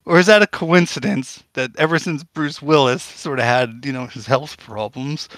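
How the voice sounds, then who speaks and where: A man's voice: medium pitch, normal speed, fairly bright tone, dry recording. A man performing a mock stand-up routine on a podcast, delivering corny punchlines after rambling setups.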